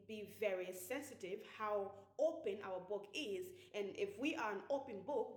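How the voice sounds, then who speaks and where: A woman's voice: medium pitch, echoey room. A woman hosting a motivational talk show, upbeat and emphatic as she speaks straight to her listeners. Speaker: host.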